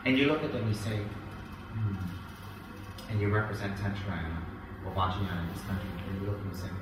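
A man's voice: lowish voice, very fast. Guy giving a buddhist talk far off the mic, lots of echo, gets worked up and mocks people. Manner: animated, mimics people, rises into loud indignation. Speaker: Buddhist teacher. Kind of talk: dharma talk to an audience. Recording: echoey hall, picked up from a distance, with background noise.

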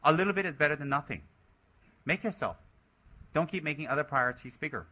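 A man's voice: fairly high pitch, lively intonation, a little fast, pauses often, bright, forceful tone. A man, a Buddhist teacher, giving a dharma talk to his center's members, exhorting and scolding them and mocking their excuses in put-on voices.

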